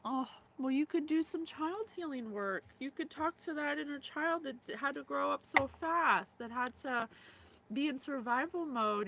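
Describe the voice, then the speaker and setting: A woman's voice: high-pitched, fairly bright tone, a little hiss or hum, poor audio. A woman in her thirties, from the former Yugoslavia, hosting a psychic reading in a casual, emotional way with many fillers. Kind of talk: casual spiritual reading talk.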